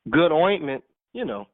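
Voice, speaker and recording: Emphatic high-voiced preacher, tinny sound. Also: male voice, big pitch swings, slow pace. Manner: emphatic, teasing, laughs often. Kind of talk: sermon teaching. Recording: tinny phone-like audio.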